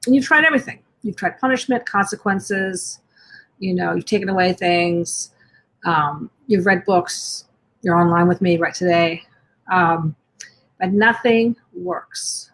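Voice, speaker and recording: A woman giving a live-streamed talk to parents as a parenting coach. She speaks gently, asks many questions in a row, and often restarts and rephrases mid-sentence. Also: fairly low pitch, unhurried.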